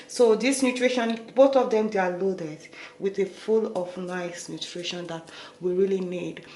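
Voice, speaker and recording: A woman's voice: lowish voice, measured pace, warm tone. Chatty Nigerian woman in echoey room. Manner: chatty, repeats "okay?" and "guys". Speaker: beauty vlogger. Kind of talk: casual talk to camera. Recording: echoey room with faint noise.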